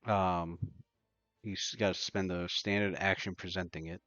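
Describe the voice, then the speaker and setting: Hesitant game master, low voice. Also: male voice, flat delivery, normal speed, a bit bright, no room sound, highs cut off, faint music behind. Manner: hesitant, many fillers, explaining rules. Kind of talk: running a tabletop game.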